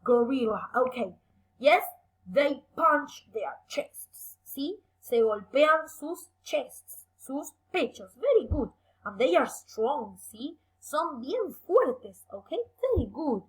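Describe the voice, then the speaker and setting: Young woman teacher, high and bright, bouncy intonation; encouraging, stretches out key words for kids. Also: rough recording. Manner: lively, encouraging, slow careful emphasis on words. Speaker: English teacher. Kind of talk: bilingual online lesson for children.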